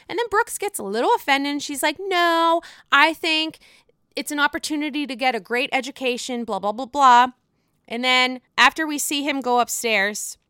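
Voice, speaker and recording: Young woman vlogger, casual recap, foul-mouthed, clear crisp voice. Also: a little high, pushed and bright, no echo, studio quality. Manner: chatty, swears freely, acts out quotes.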